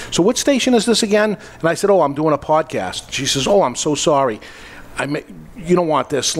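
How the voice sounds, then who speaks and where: A man who runs a podcast studio, chatting at a panel and telling a story, acting out the quoted lines. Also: medium pitch. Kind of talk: casual panel talk.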